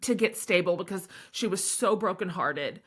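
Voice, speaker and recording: Middle-aged woman author, guest in a candid podcast chat, bright and emphatic delivery. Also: fairly low pitch, moderate pace, slightly rough. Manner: earnest, emphatic storyteller.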